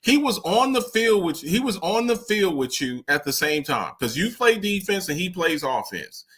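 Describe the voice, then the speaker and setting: A man with a high, bright voice talks sports with heat and emphasis. He hammers his points by saying them again and again, in a lively late-night show banter. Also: normal speed, slightly rough. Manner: animated, emphatic, repeats himself. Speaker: show regular. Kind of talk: heated sports talk.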